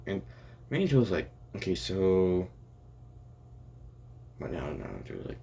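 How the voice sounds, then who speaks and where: A man's voice: low-pitched, huge pitch swings, a little slow, gravelly, warm tone, breathy edge. A young man improvising a rambling fan story aloud, full of restarts and "and he's like" asides. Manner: rambling, many restarts and "and it's like".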